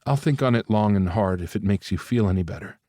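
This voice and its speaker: A man's voice: fairly low pitch, fast talker, dark tone, dry recording, clean studio sound, natural voice. A man voicing a confident teasing lover. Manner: teasing, playful, assured.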